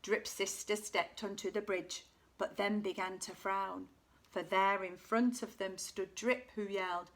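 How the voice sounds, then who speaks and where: A teacher reading a children's picture book aloud with expressive delivery. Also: female voice, mid-range voice, unhurried. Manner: expressive, shifting voices and volume. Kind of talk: storybook read-aloud for children.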